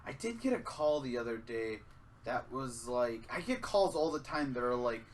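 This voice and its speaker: A young man co-hosting a podcast, telling stories in casual chat, animated and swearing freely. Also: mid-range voice, moderate pace, a little hiss or hum. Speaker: podcast co-host.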